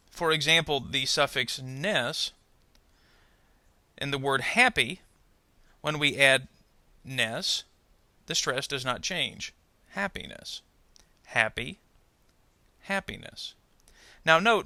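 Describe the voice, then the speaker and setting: A man teaching English pronunciation, speaking slowly and deliberately and saying each example word twice. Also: mid-range voice, sharp tone, no room sound. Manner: slow, deliberate, models example words twice. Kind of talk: instructional narration.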